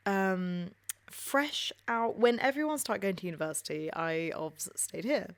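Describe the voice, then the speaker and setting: A young woman in her twenties with a posh southern English accent co-hosts a podcast, speaking at a measured pace in a medium pitch. It's casual chat: she tells stories chattily, laughs often, and swears casually.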